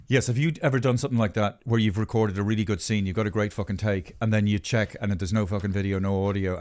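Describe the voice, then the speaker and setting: A middle-aged man with an Irish accent hosts a casual podcast chat. His voice sits fairly low. He rambles, jokes and swears freely. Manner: profane, jokey and rambling. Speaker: podcast host.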